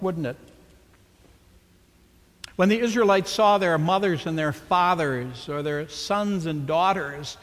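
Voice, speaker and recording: A man's voice: fairly high pitch, long reverb tail. A man preaching a sermon with dramatic rhetorical questions. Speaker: pastor.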